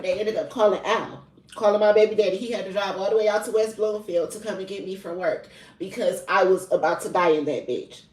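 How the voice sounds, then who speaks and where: A young woman speaks frankly and casually, peppering her confessional storytelling with profanity as a spiritual reader addressing her viewers. Her voice sits at an ordinary middle pitch for a woman. She is set back from the microphone in a room with noticeable echo. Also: brisk, a little mellow. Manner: candid and heavily profane. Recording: roomy echo, mic at a distance.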